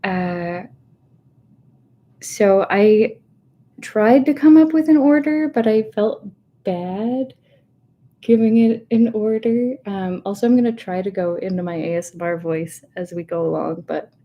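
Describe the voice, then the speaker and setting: A woman in her thirties, chatting soft-spoken and a little nervous on a livestream, rambling with many fillers and asides. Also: mid-range voice, a little slow, dull audio. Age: 30s. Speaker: ASMR host. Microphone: webcam setup.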